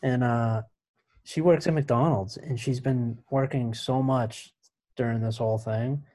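Brief: relaxed man with a warm, dark tone, easygoing podcast co-host. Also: mid-range voice, measured pace. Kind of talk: casual podcast chat.

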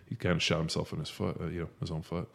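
A man's voice: deep voice, monotone, fast, gravelly, breathy edge. A man co-hosting a podcast in casual chat, rambling and quoting movie lines in put-on voices. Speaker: podcast co-host.

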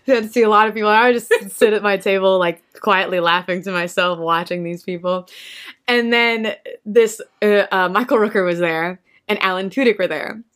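A woman telling a lively convention anecdote in casual chat, laughing often and acting out what people said. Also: medium pitch, brisk, clean tone. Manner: animated, laughs often, acts out quotes.

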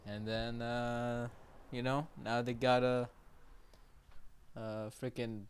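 Guy rambling on his podcast, slow and loose, lotta uhs and right?s, smooth voice. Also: medium pitch, flat delivery. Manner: rambling, many fillers, casual swearing, asks "right?". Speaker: podcast host. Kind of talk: casual podcast monologue.

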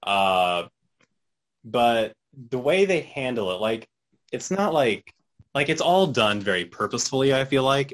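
A man with a lowish voice talks in an easygoing, rambling way during casual podcast chat. He circles back on his thoughts without hurry. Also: a bit bright. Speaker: podcast co-host.

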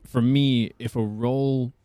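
A man's voice: medium pitch, fairly even intonation, a little slow, mellow, clear, resonant tone, no echo. A man who is a voice actor, chatting as a guest in a casual interview, rambling and often restarting his sentences.

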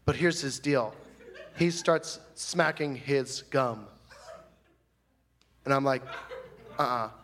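A stand-up comic performs in character on a stage mic, playing a flamboyant, fussy, chatty man airing a grievance in a live monologue. His medium-pitched, fairly bright voice moves slowly with long pauses as he rambles in a prissy, gossipy way.

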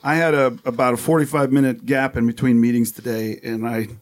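A man co-hosting a casual podcast chat, easygoing and quick to laugh. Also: steady tone. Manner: easygoing, laughs often, mid-pitched. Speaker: podcast co-host.

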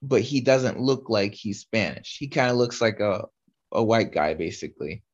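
A man's voice: lowish voice, normal speed, breathy edge. A young man co-hosting a casual podcast, rambling with many fillers and restarts. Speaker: podcast co-host. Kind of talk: casual chat. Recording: slightly dull lo-fi audio.

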